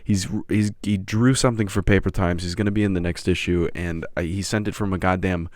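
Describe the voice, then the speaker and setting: A man's voice: sits low, fairly even intonation, brisk, a little mellow, dry recording. A man hosting a podcast, rambling, profane and self-mocking. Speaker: podcast host.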